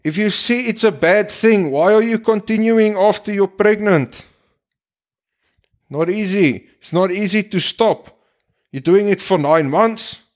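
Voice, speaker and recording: A man's voice: high-pitched, a little slow. A man with a slightly raised voice talks straight at his listeners in an impassioned monologue. He is blunt and preachy, and he swears constantly. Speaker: podcast host.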